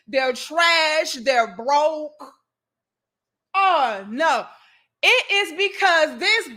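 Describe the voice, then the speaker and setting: A woman's voice: high voice, bright, forceful tone. A woman hosting a livestream, ranting in a profane, emphatic and exasperated way while reading chat comments. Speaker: host.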